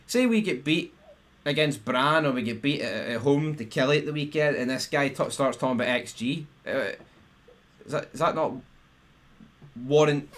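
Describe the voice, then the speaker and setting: Ranting Scottish man, swearing freely. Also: a bit bright. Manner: ranting, swearing, stumbling restarts, pitch swinging sharply up when riled. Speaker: football fan live-streamer. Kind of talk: angry live-stream rant.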